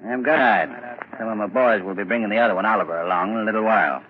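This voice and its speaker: A man's voice: fairly low pitch, quick pace, lightly acted. A man playing a folksy easygoing constable. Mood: reporting. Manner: calm, folksy, reassuring. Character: easygoing male village constable. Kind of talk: 1940s radio acting. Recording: tinny old radio recording, faint hiss.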